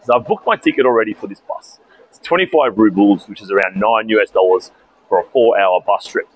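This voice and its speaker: A young Australian man vlogs outdoors at a bus station, casually telling a story to camera in a chatty, animated way with plenty of asides. His voice is fairly low, brisk and slightly rough, and the audio sounds dull.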